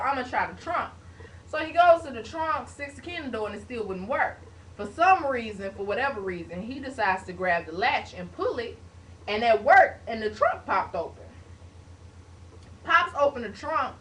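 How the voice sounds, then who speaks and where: A young woman with a high, bright voice tells a story in an animated, casual way, with sound effects. She is a little way from a webcam mic indoors, with a faint hiss underneath. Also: recorded from a distance, low-quality recording. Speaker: vlogger.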